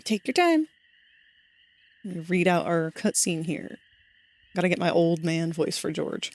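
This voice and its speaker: A woman streamer talks casually over a game, chatty and quick to laugh. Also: fairly low pitch, sing-song, no echo. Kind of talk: casual gameplay chat.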